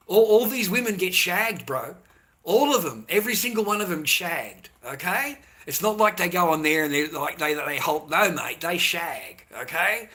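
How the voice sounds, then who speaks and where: A man rants at length in a rambling, swearing flow. His voice sits a bit high and sounds bright and forceful. He keeps checking in with the listener as he goes. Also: expressive, moderate pace. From Australia. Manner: rambling, swears often, keeps asking "right?" and "mate". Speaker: vlogger. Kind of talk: profane ranting monologue.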